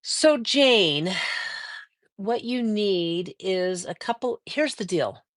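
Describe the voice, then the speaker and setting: An older woman hosting a casual quilting livestream, reading viewer comments aloud and answering them with chatty encouragement and drawn-out fillers. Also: mid-range voice, expressive, no echo, clean studio sound.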